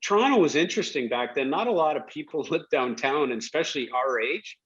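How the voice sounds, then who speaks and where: Middle-aged guy telling old team stories, lots of laughs, kinda high voice, muffled lo-fi sound. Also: brisk, slightly rough. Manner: animated storyteller who laughs while telling anecdotes. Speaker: guest, former hockey player. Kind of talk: casual storytelling. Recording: dull lo-fi audio.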